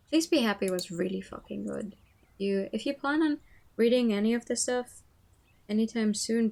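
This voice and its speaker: A woman's voice: mid-range voice, creaky, a little mellow. A woman streamer reading a visual novel aloud and chatting about games, casual, swearing, and laughing easily. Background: background music.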